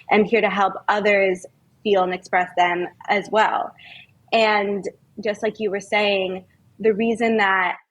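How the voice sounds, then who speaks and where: A woman's voice: mid-range voice, low-quality recording. A woman guest on a podcast, an herbalist, speaking earnestly and heartfelt about her experience, drawing out key words. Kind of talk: reflective conversational interview.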